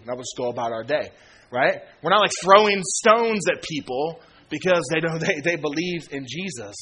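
A male pastor in his thirties delivers a sermon in loose, conversational slang, often acting out exchanges with friends. His voice sits a little high and sounds bright and forward. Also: animated, moderate pace, slight background noise. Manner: casual, slangy, acts out quoted friends with laughs.

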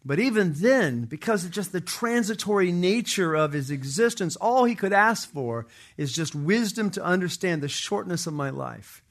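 A man's voice: high voice, expressive, moderate pace, hardly any pauses. A middle-aged man preaching a sermon, earnest and emphatic, often repeating phrases for weight.

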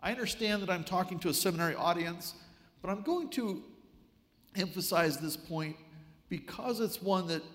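A man preaching a sermon, telling a story with wry, animated delivery. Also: sits high, long reverb tail.

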